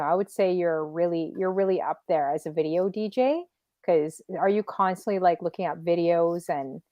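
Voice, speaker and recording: A woman with a Canadian accent hosting a casual livestreamed interview, chatty and quick to laugh. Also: fairly low pitch, dark tone, no echo, highs cut off. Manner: chatty, laughs easily, reads chat aloud. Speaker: talk show host.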